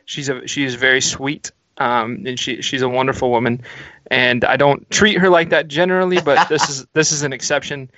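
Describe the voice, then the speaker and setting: A man's voice: mid-range voice, fairly even intonation, normal speed, bright, forceful tone, no room sound, poor audio. A man co-hosting a casual podcast, chatting and laughing easily while having a drink at home. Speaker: podcast co-host.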